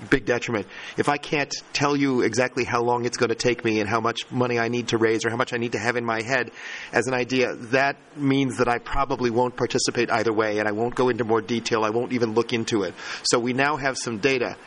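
Man, meeting participant, quick delivery, repeated words, mid pitch. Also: steady tone, a bit bright. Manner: fast, repeats words while finding phrasing. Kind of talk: meeting discussion.

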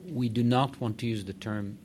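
A male organization executive delivers direct, emphatic conference remarks to a meeting. His voice is mid-range and steady, at a moderate pace, with background noise in the recording.

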